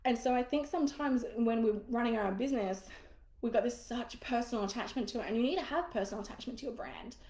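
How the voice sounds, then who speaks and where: A woman's voice: on the high side, quick pace, mellow, reverberant. A woman coaching business owners in a live masterclass, casual, frank and encouraging, swearing now and then.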